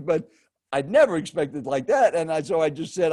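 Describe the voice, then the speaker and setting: Speaking at a measured pace with long pauses, this man has a husky, somewhat high voice. He's a professional speaker relaying a personal anecdote to a host in a lively way, addressing the listener directly with questions. The sound is clean studio audio with no room sound.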